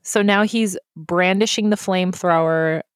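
Dry, lively woman recapping a movie. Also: fairly low pitch, clear, resonant tone, no echo. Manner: animated, swearing, quick to laugh. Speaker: podcast co-host. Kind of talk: casual movie recap chat.

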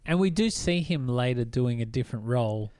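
Man, podcast co-host, middle pitch, dry close mic, eager and chatty. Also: animated, brisk, darkish tone, clean tone, dry recording. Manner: chatty and enthusiastic, many fillers. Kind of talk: casual film discussion.

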